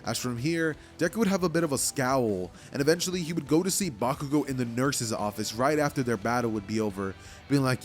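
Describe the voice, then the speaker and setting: A man's voice: mid-range voice, animated, a little fast, soft background music. A man casually telling a fan-made story, rambling and filling with "like" and "you know".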